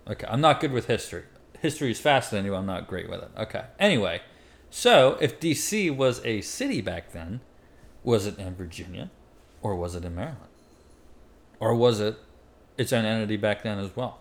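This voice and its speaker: A man's voice: lowish voice, lively intonation, fairly quick. A man guesting on a casual podcast, asking questions and hedging that he isn't sure. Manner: unsure, hedging, curious.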